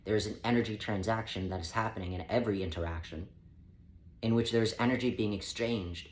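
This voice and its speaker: Measured male channeler, deep-ish voice, roomy echo and faint hum behind; spiritual guidance read. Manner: measured, calm, speaks as "we" to the listener. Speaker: spiritual channeler speaking as a collective. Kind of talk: spiritual self-help talk. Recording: echoey room with faint ambient noise.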